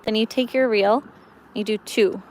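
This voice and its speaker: A woman's voice: on the high side, steady tone, normal speed, a little mellow, poor audio. Young woman, casual livestream host, chatty and giggly, outdoors by a lake, faint background noise. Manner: chatty and giggly, reads viewer comments. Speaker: fishing livestreamer. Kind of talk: casual live-stream chat. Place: outdoors on a lakeshore.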